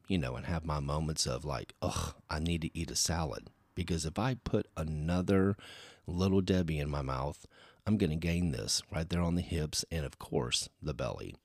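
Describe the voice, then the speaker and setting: A man rambles through a casual solo podcast, chatting away and saying "you know" constantly. His voice sits low and a little mellow. The recording is dry and studio quality.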